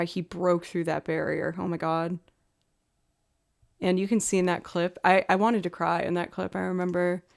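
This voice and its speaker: A young woman chatting casually on her livestream, full of "like" and filler, now and then slipping into soft baby talk. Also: on the low side. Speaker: livestreaming musician.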